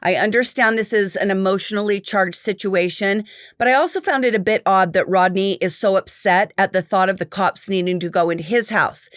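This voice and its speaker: A woman's voice: mid-range voice, no echo. Woman narrating true crime, dry studio sound. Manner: measured, opinionated commentary.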